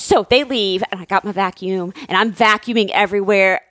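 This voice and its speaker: A woman's voice: medium pitch, normal speed, no room sound, clean studio sound. A woman telling a story in casual chat, acting out quoted voices with lots of filler words. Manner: animated, acts out quoted voices; frequent "like" fillers. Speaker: storyteller with her husband.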